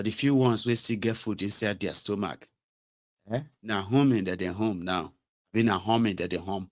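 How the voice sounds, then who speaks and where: A man's voice: lowish voice, moderate pace. A man with a Nigerian accent giving impassioned political commentary, sarcastic and indignant, slipping into Pidgin and Yoruba phrases.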